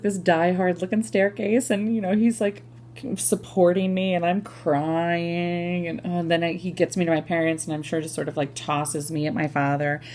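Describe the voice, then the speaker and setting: A woman performing a confessional comic story in a chatty way, full of "like" and quick self-corrections. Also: on the low side, darkish tone, slight background noise. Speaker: solo performer.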